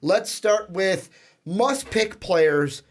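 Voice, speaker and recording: A man with a hoarse, raspy voice from shouting, hosting a casual sports podcast and rambling through plugs and asides. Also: high voice, animated, very slow. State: hoarse, lost voice. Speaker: podcast host.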